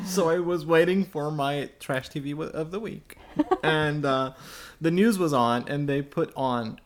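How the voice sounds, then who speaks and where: A man's voice: fairly high pitch, a little slow. A man co-hosting a casual chat podcast, chatty and laughing as he tells his stories. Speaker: podcast co-host.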